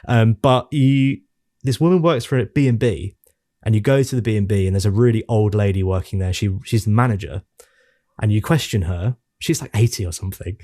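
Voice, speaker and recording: A man co-hosting a casual game-review podcast, telling stories in an animated, exasperated way. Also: fairly low pitch, fairly quick. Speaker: podcast co-host. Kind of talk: casual chat.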